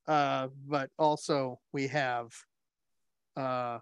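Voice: medium pitch, moderate pace, smooth, no room sound. A podcast host casually leading a group chat on a video call, rambling and joking, with lots of fillers and restarts.

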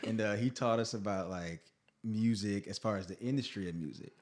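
Lively low-voiced man telling his story. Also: a little fast, slight background noise. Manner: animated storytelling with frequent laughs and restarts. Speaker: guest singer-songwriter. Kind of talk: casual interview chat.

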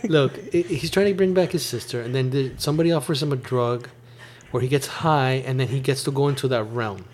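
A man hosting a podcast, retelling a show in a loose, animated way with lots of laughter. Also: medium pitch, brisk, a little hiss or hum. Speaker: podcast host. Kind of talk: casual chat.

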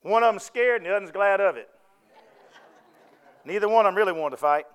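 A man's voice: high-pitched, a little fast, a bit bright, clean tone, a faint crowd. A man preaching a sermon, folksy and conversational, often asking the congregation to answer back.

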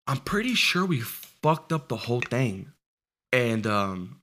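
A man in his twenties telling a story in casual, profane chat, lively and laughing as he goes. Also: medium pitch. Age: 20s. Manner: animated, profane, laughs while telling stories.

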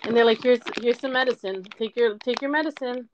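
Young woman, tearful, candid storytelling, slightly high voice, dull lo-fi sound. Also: fairly quick, slight background noise. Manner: emotional, candid, swears often. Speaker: podcaster. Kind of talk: personal storytelling monologue.

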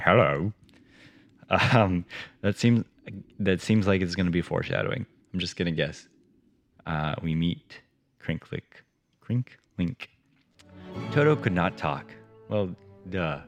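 A man's voice: sits low, slow, pauses often, soft background music. A man reading a children's storybook aloud and breaking off with wry, playful jokes about the text.

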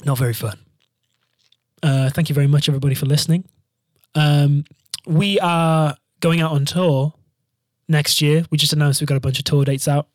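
A man's voice: on the high side, moderate pace, pauses often, no room sound, clean studio sound. A young man and band frontman telling a travel story in a casual monologue, swearing freely and acting out what people said. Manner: swears freely, animated, acts out quotes. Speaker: band frontman hosting a podcast.

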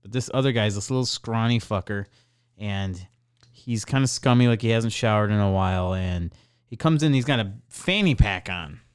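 A man's voice: on the low side, moderate pace, smooth. Swearing man telling a store story. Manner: animated, mimics customers in raised voice, swears freely. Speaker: podcast co-host. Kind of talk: casual storytelling.

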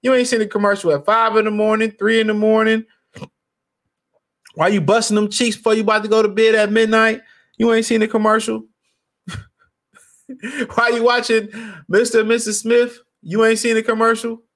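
A man's voice: high-pitched, moderate pace, pauses often. A man hosting a podcast, ranting casually with profanity and frequent laughter. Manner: profane, laughing, animated rant. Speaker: podcast host. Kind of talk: casual commentary.

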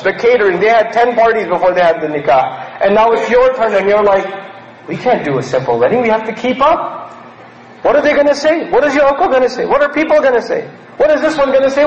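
A man from Pakistan giving a lecture as a preacher, animated and acting out quoted characters mockingly. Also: extremely high pitch, roomy sound, lo-fi sound, slight background noise.

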